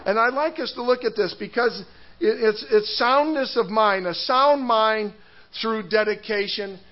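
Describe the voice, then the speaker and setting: A man's voice: high-pitched, measured pace, lo-fi sound. A man preaching a sermon, telling a story with laughs and restarts before turning to scripture. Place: church hall.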